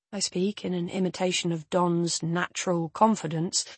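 A woman narrating a first-person audiobook in a measured, even storytelling manner. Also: lowish voice, slightly rough, dry recording.

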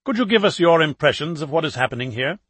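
A man reading an audiobook voices an eager television reporter firing off brisk, probing questions. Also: on the high side, lively intonation, a bit bright, slightly rough, no room sound, voice pushed up. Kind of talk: audiobook character voice.

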